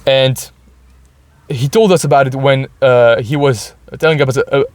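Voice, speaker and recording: A man chats through a casual podcast monologue from his car. His voice sits at an ordinary middle pitch and sounds close and dry, with no room echo. He keeps tagging "right?" onto his sentences and stumbles into frequent restarts. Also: unhurried, darkish tone. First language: French. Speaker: podcast host. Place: inside his parked car.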